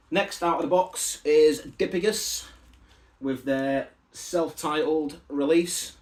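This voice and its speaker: A man's voice: a little high, darkish tone. A man chatting casually to camera as he unboxes records, rambling into side stories and asides. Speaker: record collector showing a parcel of vinyl albums.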